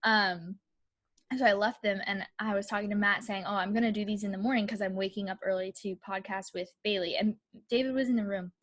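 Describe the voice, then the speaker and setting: A woman's voice: mid-range voice, steady tone, brisk, a bit bright. A young woman co-hosting a casual podcast, talking in a chatty way with lots of fillers and frequent laughs. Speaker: podcast co-host. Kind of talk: casual chat.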